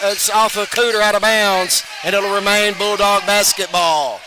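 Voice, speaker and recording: High-voiced man calling high school basketball. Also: steady tone, a crowd in the background. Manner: brisk call that jumps up loud on big plays. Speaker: play-by-play announcer. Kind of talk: play-by-play commentary. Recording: broadcast over loud gym noise.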